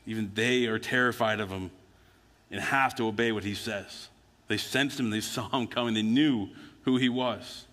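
A man's voice: on the low side, fairly even intonation, moderate pace, fairly bright tone. A man preaching a sermon as a pastor, telling stories in a conversational way and acting out the quotes. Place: church sanctuary. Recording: church hall with long reverb.

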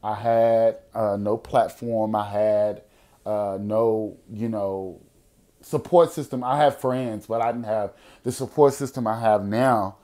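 A young adult man hosting a podcast, telling a personal story in a casual, profane way, at times lively and at times quiet and serious. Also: lowish voice, slow pace. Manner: profane, animated storyteller who drops to quiet, serious tones. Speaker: podcast host.

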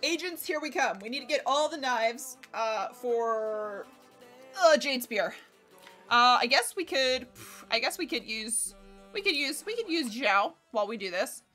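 A woman streamer with a bright, somewhat high voice chats casually while she plays. She rambles, swears freely and talks to herself and to the game. Soft game music plays quietly behind her. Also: lively intonation, measured pace. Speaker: livestreamer. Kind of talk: casual game livestream chat.

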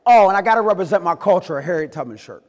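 Animated man speaking in an echoey hall. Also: high-pitched, rapid-fire. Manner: animated storytelling, acts out voices, swings loud and quiet. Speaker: keynote speaker. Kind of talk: motivational talk to a live audience.

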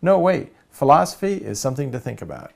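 A man's voice: medium pitch, big pitch swings, a little fast, creaky, darkish tone, voice pushed up. A man reading the lines of a cartoon character who keeps second-guessing himself. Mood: fretful. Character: fretful male cartoon character drafting an editorial.

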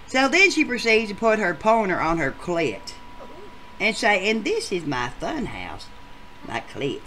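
A man's voice: medium pitch, a bit bright, a little hiss or hum. A man voicing a crude, rowdy adult male gameshow contestant who rambles through a profane story in a comedic machinima.

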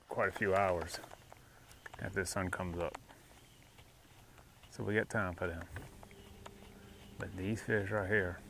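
Man, low gravelly voice, casual outdoor vlog, noisy background. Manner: folksy, talks to camera, drops to whispers. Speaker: fishing vlogger. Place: outdoors at a lake by boat. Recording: noisy outdoor camera audio.

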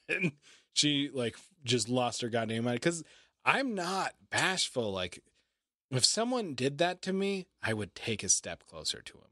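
A man's voice: medium pitch, sing-song, unhurried, pushed and bright, no room sound, clean studio sound. A man co-hosting a podcast, talking in a blunt, profane and confrontational way. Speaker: podcast co-host. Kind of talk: casual chat.

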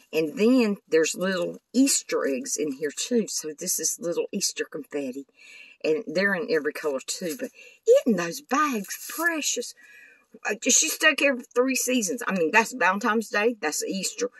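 A woman's voice: low-pitched, expressive, moderate pace, fairly bright tone, breathy edge, no echo, far from the mic, low-quality recording. An older woman, chatting casually in a craft vlog and gushing over the things she shows. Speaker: craft vlogger. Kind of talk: casual show-and-tell vlog.

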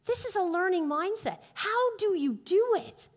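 Woman on stage giving a pep-talk keynote, high voice, lively storyteller. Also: unhurried. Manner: animated storytelling, laughing often. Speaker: keynote speaker. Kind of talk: motivational keynote speech. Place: large hall on stage.

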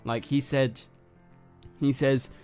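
A man's voice: mid-range voice, level tone, takes it slowly, a little mellow, soft background music. A man from North London with a London accent, casually reviewing a TV episode in a chatty, rambling way, full of fillers. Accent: London English. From North London, England. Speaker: TV review host.

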